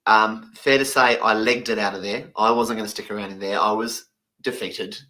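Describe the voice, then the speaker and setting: A man voicing a stand-up comedy routine in a lively, emphatic, playful way. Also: on the low side, moderate pace.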